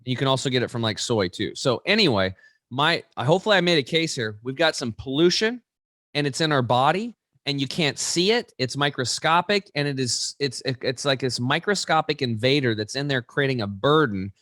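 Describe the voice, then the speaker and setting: A man's voice: medium pitch, normal speed, dry recording. Emphatic man in his forties, dry sound. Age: 40s. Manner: animated, emphatic storytelling. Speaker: guest. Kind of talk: interview.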